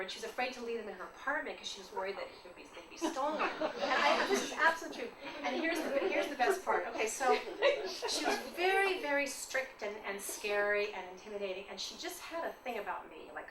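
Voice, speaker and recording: A woman's voice: a little high, lively intonation, quick pace, over a noisy crowd. A woman in her fifties from New York, giving an informal artist's talk, chatty and rambling, telling stories with laughs and asides. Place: lecture room. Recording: distant, echoey, noisy room audio.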